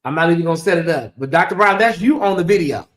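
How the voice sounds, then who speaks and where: A man's voice: on the high side, lively intonation, quick pace, fairly bright tone. A man hosting a gossip show in casual commentary, sassy and chatty, calling his viewers y'all and honey. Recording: echoey room.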